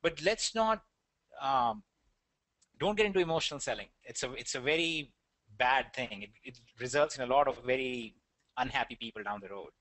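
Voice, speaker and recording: A man's voice: medium pitch, animated, normal speed, fairly bright tone, no echo. A man with an Indian accent presenting an online webinar, talking earnestly with a rambling delivery and many fillers.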